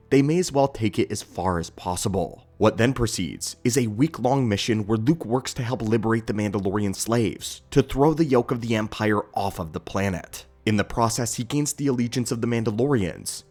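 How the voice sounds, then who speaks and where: A man narrating a scripted story in a steady, measured storytelling delivery as the channel's host. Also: on the low side.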